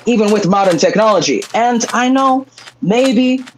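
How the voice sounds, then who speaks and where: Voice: medium pitch, expressive, moderate pace, slight background noise, low-quality recording. A streamer in casual chat, playful and jokey, rambling through silly asides. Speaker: streamer, co-host. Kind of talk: casual chat while gaming.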